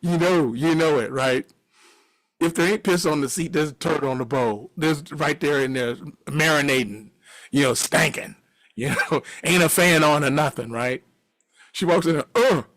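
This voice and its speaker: A middle-aged man telling a story casually, animated, laughing often and swearing freely. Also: a little high, normal speed.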